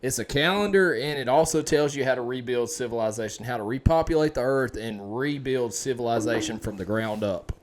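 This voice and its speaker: A man co-hosting a podcast, chatting casually in an excitable, profane way with lots of fillers. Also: medium pitch, brisk, hardly any pauses. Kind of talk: casual chat.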